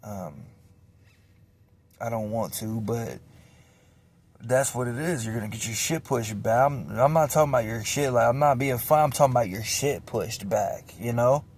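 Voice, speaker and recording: A slightly rough, darkish voice at medium pitch and normal speed belongs to a man confessing his own story. Emotional and rambling, he swears a great deal and keeps going over the same things.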